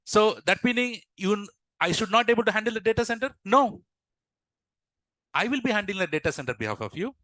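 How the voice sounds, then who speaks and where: A man's voice: high voice, expressive, bright, forceful tone, dry recording, voice pushed up. A man voicing a frustrated male business owner, complaining. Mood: eager. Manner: complaining, rushed.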